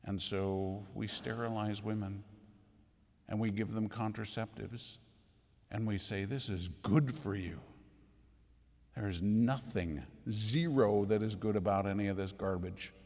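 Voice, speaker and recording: A man's voice: on the low side, fairly even intonation, measured pace, darkish tone. A man preaching a sermon, emphatic and full of rhetorical questions, in a church. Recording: echoey hall with long reverb.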